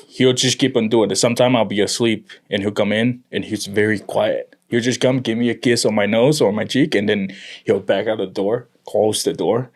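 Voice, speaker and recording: A young man from Tonga talking earnestly about his family in a conversation, with halting restarts. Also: mid-range voice. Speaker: guest. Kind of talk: emotional personal conversation.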